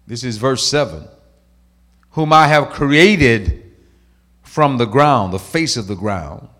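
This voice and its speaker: A middle-aged man preaching a sermon, swinging from shouted lines to hushed asides and acting out quoted voices. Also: mid-range voice, lively intonation, takes it slowly.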